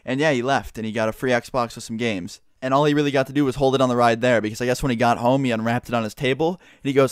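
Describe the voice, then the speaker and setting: A man's voice: medium pitch, no room sound, studio quality. A young man rambling through a casual storytime, swearing often. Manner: fast, rambling, swears a lot.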